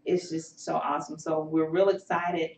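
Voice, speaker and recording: A woman's voice: sits low, little pitch movement, moderate pace, a little mellow. A woman hosting a health show, talking in an encouraging, faith-filled way with many fillers. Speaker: host. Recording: roomy, distant, dull sound.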